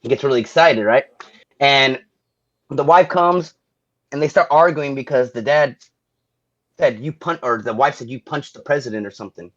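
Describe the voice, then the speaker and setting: A man's voice: medium pitch, moderate pace, pauses often, fairly bright tone, lo-fi sound. A man casually retelling a movie scene on a podcast, rambling and quoting lines with the odd curse word. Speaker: podcast host. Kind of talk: casual movie recap chat.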